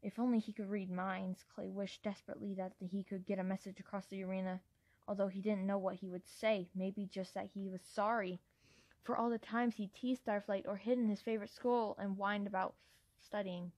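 A woman's voice: medium pitch, flat delivery, normal speed, a little mellow, no room sound. A woman reads a fantasy novel aloud as a fan narrator, plainly and with the odd stumble. The recording is dry and close, with no room sound. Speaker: fan reader.

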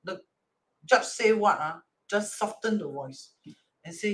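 A teacher with a Singaporean English accent walks through a divination chart reading in an expressive, slightly bright mid-range voice at a measured pace. She acts out quoted dialogue, drops in Chinese and Hokkien words, and keeps checking in with "right?".

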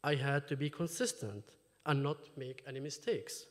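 A man's voice: mid-range voice, normal speed. A man from Jerusalem, an author giving an emphatic talk and reading from his memoir at a book launch. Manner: emphatic, questioning the audience. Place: lecture hall. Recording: long reverb of a hall.

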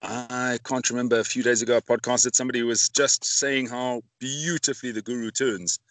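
A man's voice: mid-range voice, flat delivery, a little fast, fairly bright tone, no room sound. A man hosting a casual podcast interview, rambling with many fillers and asking leading questions. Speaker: podcast host.

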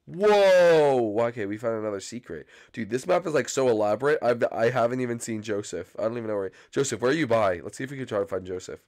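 A young man doing excited, frantic gameplay commentary as a channel host, often yelping and screaming when chased. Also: mid-range voice, fast, hardly any pauses.

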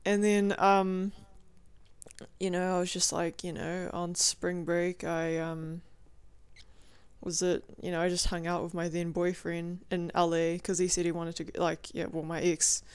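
A young adult woman keeps a casual video diary at home, her fairly low voice smooth and flat at a measured pace, with no echo. She wanders from topic to topic, swears freely, and uses lots of "like" and "you know."

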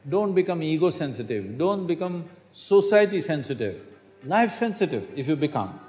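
A man addresses an audience. He speaks emphatically, pressing rhetorical questions with dry humor, in a fairly high voice. A long reverb from a large hall hangs on his words. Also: very animated, normal speed, darkish tone, faint music behind. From India. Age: 60s. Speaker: spiritual teacher. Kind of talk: public talk to an audience.

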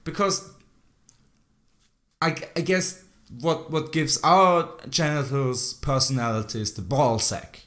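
A man's voice: mid-range voice, fairly even intonation, slow, fairly bright tone. A man hosting a podcast in casual chat, rambling and joking, often trailing off mid-sentence. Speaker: podcast host.

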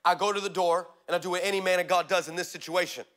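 A male pastor preaching a sermon, energetic and humorous, telling stories and building to shouts. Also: high-pitched, fast talker. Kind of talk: sermon with storytelling.

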